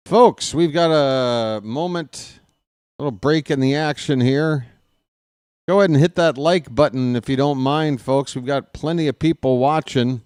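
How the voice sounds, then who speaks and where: Unhurried, smooth-voiced baseball announcer man. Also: medium pitch, no room sound, clean studio sound. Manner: partisan, excitable, pleads with viewers. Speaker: play-by-play announcer. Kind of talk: live baseball play-by-play.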